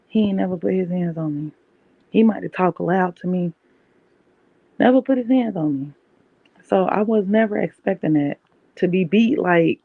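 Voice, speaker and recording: A young woman, telling a personal story candidly on her podcast in a conversational, animated way. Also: fairly low pitch, gravelly, no echo. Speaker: podcast host. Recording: dull, dry, lo-fi mic.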